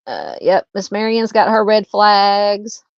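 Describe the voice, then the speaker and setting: A Southern US woman hosting a true crime livestream talks slowly in an expressive, mid-range, clean voice. The recording is dry, from a dull lo-fi home mic, as she casually chats with many ums and uhs and reads viewer comments.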